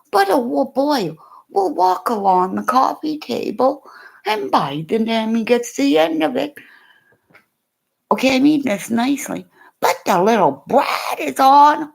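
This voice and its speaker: An older woman chatting casually to her viewers, telling animated stories full of exclamations and swearing. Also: on the high side, creaky, breathy edge. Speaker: vlogger. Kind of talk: casual chat.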